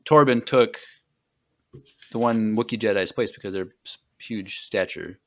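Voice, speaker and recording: A man's voice: lowish voice, unhurried. A man hosting a podcast, retelling a book in casual, rambling chat full of fillers and trailing off at the ends of thoughts. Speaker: podcast host.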